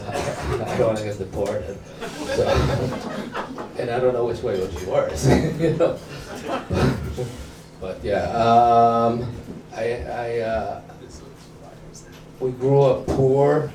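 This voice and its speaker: A man's voice: mid-range voice, noisy background. A man from Mexico whose first language is Spanish, nervously chuckling through an open-mic stand-up set in a small comedy club. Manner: nervous, chuckling between jokes. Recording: roomy club recording from far off. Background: audience laughter.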